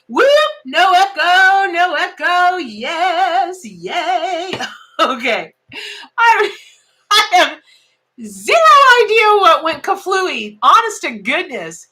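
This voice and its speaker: Lady chatting on her live stream, high bright voice, lots of folksy exclamations. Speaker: tarot reader hosting a live stream. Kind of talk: casual live-stream chat.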